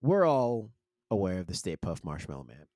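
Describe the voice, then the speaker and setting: A man's voice: sits low, very animated, normal speed, a little mellow, no echo. Joking male podcast co-host, dry sound. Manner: joking, laughs often, reads a recap aloud. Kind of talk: casual chat recapping a cooking show.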